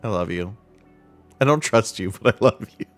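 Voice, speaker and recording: A man in his thirties chatting casually on a live stream, heartfelt and halting, with frequent fillers and restarts. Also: fairly low pitch, expressive, soft background music.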